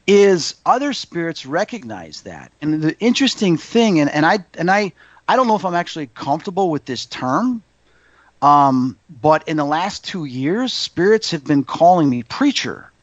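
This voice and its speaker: A man's voice: moderate pace, dry recording, highs cut off. A man, a psychic medium, chatting in an interview and acting out the voices in his stories. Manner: animated storyteller, acts out quotes in a higher voice. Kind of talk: casual interview chat.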